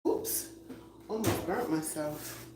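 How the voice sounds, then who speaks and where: Woman home cook on a live vlog, low-pitched and chatty, in an echoey kitchen. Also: slow pace. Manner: chatty, laughing, moving around the kitchen. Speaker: vlogger cooking on a livestream. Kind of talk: casual chat to viewers while cooking. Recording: echoey room, voice drifting off-mic, noisy.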